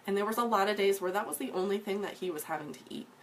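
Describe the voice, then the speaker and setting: A woman's voice: mid-range voice, racing, a little hiss or hum. A woman in her thirties telling her personal story as a fitness coach, earnest and filled with ums and restarts. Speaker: fitness coach sharing a testimonial. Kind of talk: casual personal story to camera.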